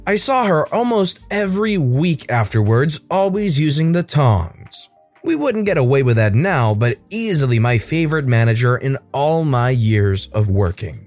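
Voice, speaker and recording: A man reading online stories aloud, narrating in an expressive, animated storytelling manner. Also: mid-range voice, moderate pace, soft background music.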